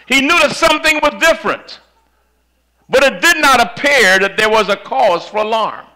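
A man preaching a sermon, telling a story in a dramatic way that swings from loud to hushed, on a microphone that cuts in and out. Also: extremely high pitch, expressive, moderate pace, poor audio. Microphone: handheld or stand mic that cuts out.

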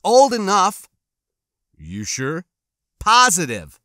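A man voicing an anxious thirteen-year-old boy prisoner, tense and defiant, with his voice pitched up. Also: sing-song, a little slow, bright, forceful tone, dry recording, clean studio sound.

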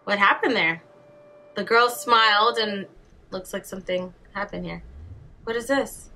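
A woman's voice: mid-range voice, measured pace, sharp tone. A woman hosting a casual reaction video, reacting aloud with gushing exclamations. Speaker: reaction channel host.

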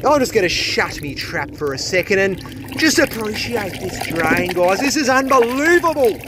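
Australian plumber vlogging on his phone, casual and jokey, a bit higher voice, faint outdoor noise. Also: animated, measured pace. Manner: chatty and jokey, swears casually. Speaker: plumber filming his job. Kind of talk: casual on-the-job vlog. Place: outdoors at a drain. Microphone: handheld phone.

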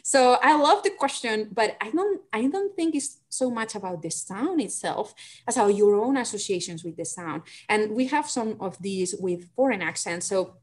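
A woman from Spain speaks English with a Spanish accent, her first language being Spanish. She answers audience questions as a psychology professor, animated and explanatory. She often checks in with a quick "right?". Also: medium pitch. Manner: animated, frequent "right?" tags. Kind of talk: lecture Q&A answers.

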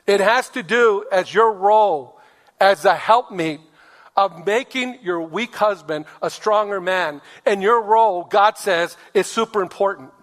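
High-voiced preaching pastor, man, in a reverberant hall. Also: a little slow, fairly bright tone. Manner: preaching with acted-out quotes of husbands and wives; asks the congregation for amens. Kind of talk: sermon.

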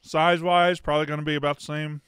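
A man's voice: fairly high pitch, flat delivery, fast talker, a bit bright, clean tone, no room sound. Male co-host, laid-back storyteller, dry close-mic studio sound. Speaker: podcast co-host. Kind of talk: casual chat.

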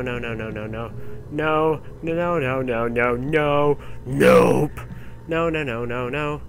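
A male gaming host talking over gameplay in a casual, excitable way. His bright voice swings widely in pitch as he panics and swears. He speaks at an unhurried pace.

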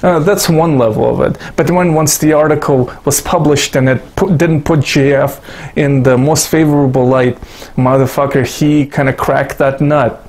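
A man's voice: fairly high pitch, steady tone, moderate pace, a little mellow. A Russian-born man giving rambling, sarcastic commentary to his YouTube audience, swearing constantly and making self-mocking asides. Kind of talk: profane casual commentary to camera.

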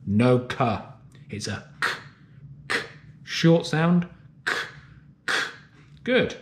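A man teaches young children their letter sounds, stretching each sound out very slowly. His pitch rises and falls in a lively, sing-song way, the patient cadence of a nursery teacher talking to small children. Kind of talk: phonics lesson for young children. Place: classroom or home, recorded for remote learning.

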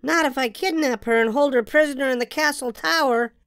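A woman's voice: high voice, a little fast, a bit bright, dry recording, clean studio sound, pitched above the performer's own voice. A woman voicing a boastful young boy who plays wizard and pirate, with a mock-grand, chanting delivery.

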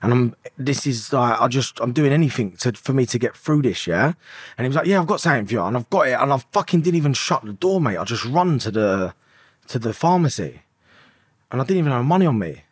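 A man in his thirties, appearing as a podcast guest, shares his story candidly in an emotional, rambling, confessional way, swearing often. His mid-range voice is expressive, fairly quick and slightly rough, captured with clean studio sound and no echo.

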